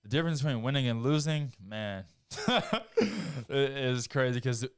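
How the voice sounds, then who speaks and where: A man who hosts a podcast and trains in martial arts, talking in casual chat in a calm, measured way. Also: mid-range voice, gravelly, clean tone, no echo, studio quality. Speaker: podcast host, martial artist.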